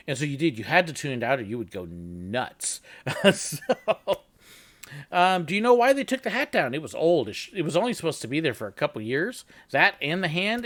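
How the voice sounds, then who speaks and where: Slightly high and fairly bright, his voice carries a chatty, jokey live-chat session. As host, he laughs a lot while reacting to viewers and recounting work anecdotes.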